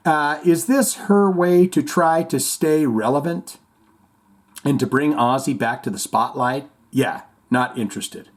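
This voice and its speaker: A middle-aged man hosts a chatty podcast, reading out listener comments and corny jokes. His voice sits a little high and swings widely in pitch, and he slips into goofy voices as he tells stories. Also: normal speed. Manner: animated storyteller, jumps into silly voices and reads jokes. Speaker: podcast host.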